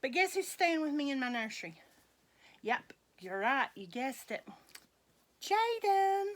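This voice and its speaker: A middle-aged woman, chatting with viewers in a slow, folksy, rambling way and laughing often. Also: high voice, sing-song, a bit bright. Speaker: vlogger dressing reborn dolls. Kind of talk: rambling casual chat to viewers.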